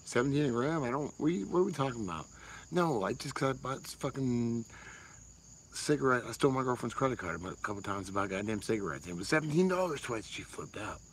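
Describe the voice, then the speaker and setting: A man's voice: mid-range voice, expressive, quick pace, a little hiss or hum, low-quality recording. A man, rambling casually and swearing freely on a livestream while answering chat. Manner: rambling, profane, laid-back.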